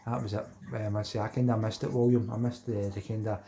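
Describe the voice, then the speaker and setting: A middle-aged Scottish man hosts a live stream, chatting casually with viewers and reading their comments aloud. His lowish voice is flat, fast, creaky, and mellow, and he repeats himself and calls everyone mate.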